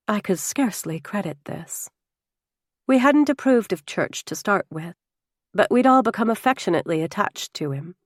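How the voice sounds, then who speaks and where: A woman narrating an audiobook in the first person, with expressive, emotional storytelling. Her voice sits at a middle pitch and sounds close and dry, with no room echo. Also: moderate pace.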